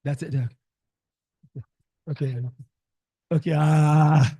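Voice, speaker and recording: A man's voice: fairly high pitch, fairly even intonation, moderate pace, long pauses, dark tone, husky, dry recording. Nigerian man quizzing a class. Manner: call-and-response questioning, repeats words for the class. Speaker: teacher. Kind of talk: classroom exam-prep lesson.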